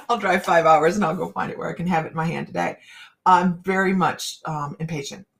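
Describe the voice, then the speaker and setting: A woman's voice: fairly low pitch, lively intonation, normal speed, gravelly. A middle-aged woman reading cards on a casual live chat, rambling and laughing often. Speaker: psychic card reader.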